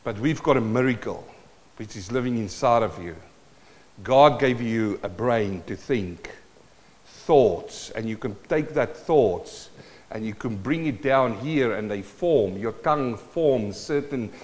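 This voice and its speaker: A man's voice: mid-range voice, animated, measured pace, a little mellow. A man with a South African accent preaching a sermon in a church, playful and calling out to the congregation. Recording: long church hall reverb.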